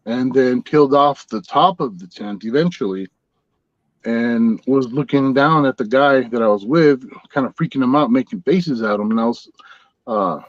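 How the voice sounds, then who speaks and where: A middle-aged man telling a long story in a relaxed, rambling way, as a guest on a podcast. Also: mid-range voice, dry recording, lo-fi sound. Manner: rambling, laid-back storyteller. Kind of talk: casual storytelling.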